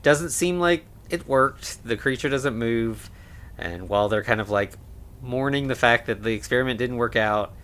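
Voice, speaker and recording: A man co-hosting a podcast, casually recapping a film with lots of fillers and quick acted-out lines. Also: mid-range voice, fairly bright tone, clean tone. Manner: laid-back, many fillers, acts out lines. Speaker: podcast co-host. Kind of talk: casual movie recap chat.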